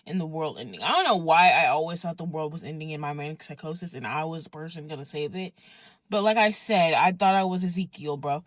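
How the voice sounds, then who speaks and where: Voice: mid-range voice, quick pace, fairly bright tone, dry recording. Candid rambling storyteller, dry close sound. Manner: candid, rambling, peppered with "bro" and swearing. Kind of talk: casual storytime monologue.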